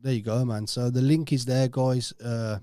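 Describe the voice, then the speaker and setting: A man's voice: medium pitch, steady tone, moderate pace, mellow, clear, resonant tone, no room sound, clean studio sound. A Yorkshire man hosting a casual podcast, laid-back and swearing freely as he chats. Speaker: podcast host.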